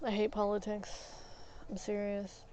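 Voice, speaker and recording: A woman's voice: medium pitch, completely flat delivery, unhurried, dark tone, slight background noise, low-quality recording. A woman streamer venting while playing a game, emphatic and frustrated, often repeating words.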